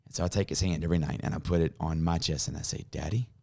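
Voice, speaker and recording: A man, a pastor, tells a personal story in a podcast conversation, earnest and dropping to a hush in emotional moments. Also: extremely low pitch, steady tone, racing, gravelly.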